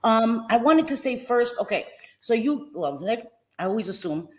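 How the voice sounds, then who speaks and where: A woman hosting a casual livestream, lively and affectionate, greeting viewers by name with pet names like sweetie pie. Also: a little high, moderate pace, a little hiss or hum. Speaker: livestream host. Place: home in New Jersey.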